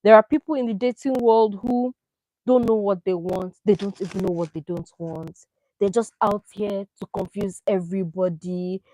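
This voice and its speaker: A woman doing casual, opinionated commentary on a reality show, animated and full of rhetorical questions. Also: mid-range voice, moderate pace, slight background noise, poor audio. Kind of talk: casual chat.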